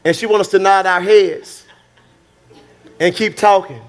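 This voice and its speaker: A male pastor preaches in a loose, conversational way, circling back over his words. His voice sits a little high for a man, and he calls out to the people listening. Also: steady tone, unhurried. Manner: conversational, repetitive, calls out to the congregation. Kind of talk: sermon.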